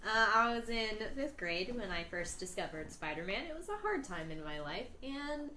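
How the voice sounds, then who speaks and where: A woman's voice: mid-range voice, lively intonation, normal speed, bright, forceful tone, reverberant, slight background noise. A woman co-hosting a casual chat, talking earnestly and rambling with fillers. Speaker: podcast co-host.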